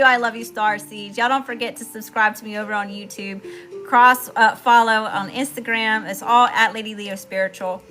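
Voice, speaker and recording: A woman from Mississippi hosting a spiritual livestream, giving effusive shout-outs to viewers in casual chat. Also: fairly high pitch, steady tone, normal speed, soft background music. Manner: effusive, warm shout-outs with lots of "y'all".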